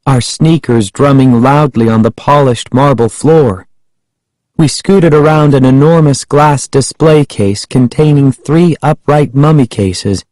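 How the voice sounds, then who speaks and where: A man narrating a storybook in a measured first-person telling. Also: mid-range voice, darkish tone, no room sound, rough recording. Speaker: audiobook narrator.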